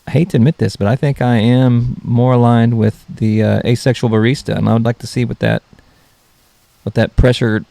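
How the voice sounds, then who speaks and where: A man's voice: mid-range voice, steady tone, normal speed, gravelly, warm tone, dry recording. A man hosting a comedy podcast, rambling through off-color jokes and poking fun at himself. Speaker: podcast host.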